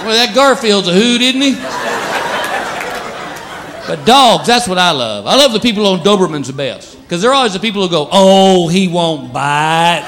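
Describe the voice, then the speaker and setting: Animated male stand-up comedian, lively pitch. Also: moderate pace, long pauses. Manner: animated, acts out pets in silly voices. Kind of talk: stand-up routine. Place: comedy club stage with laughing audience. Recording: live club recording, crowd and noise.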